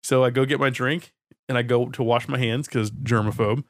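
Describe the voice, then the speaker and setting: A man's voice: medium pitch, steady tone, normal speed, dry recording, clean studio sound. A man co-hosting a casual chat, recounting a story in a laid-back way. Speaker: podcast co-host.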